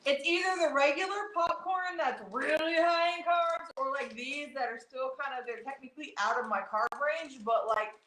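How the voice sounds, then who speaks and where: A woman's voice: high-pitched, moderate pace, hardly any pauses. Fields: Woman, chatty host, echoey. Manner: chatty and animated, addressing viewers as y'all. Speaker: co-host of keto vlog. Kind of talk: casual chat. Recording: echoey room with faint noise.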